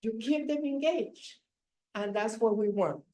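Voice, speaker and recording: A woman giving a live public speaking seminar, coaching in an emphatic way and pausing for emphasis, recorded at a hotel event. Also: a little high, dark tone. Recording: echoey room from far off.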